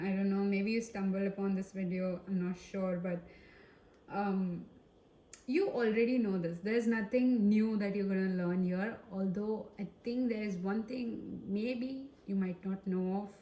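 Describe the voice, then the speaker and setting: Indian-accented woman tarot reader, slow and hesitant, mellow tone, roomy recording. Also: mid-range voice, fairly even intonation. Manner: hesitant, searching for words with many fillers. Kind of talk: casual tarot reading to camera. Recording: roomy echo.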